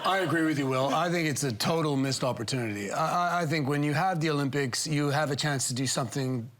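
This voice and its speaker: Guy on a tv panel, emphatic, critical, voice a bit on the high side. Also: quick pace, a bit bright. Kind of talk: opinionated panel discussion. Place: TV studio.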